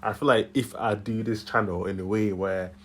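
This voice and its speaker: A young channel host with a fairly low, fairly even voice rambles at a moderate pace through casual solo commentary from his room. His Yorkshire accent has a Nigerian tinge, and he chuckles often.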